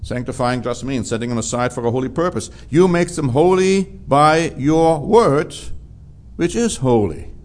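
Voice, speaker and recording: A man's voice: mid-range voice, expressive, a little slow. A man preaching a sermon, drawing out key words for emphasis.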